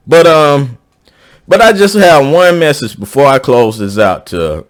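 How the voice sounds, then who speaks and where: Speaking at an unhurried pace with lively intonation, a South Georgia man talks at length to his YouTube audience in a casual opinion piece. His sentences wander, repeat and start over, rising in pitch whenever he stresses a point.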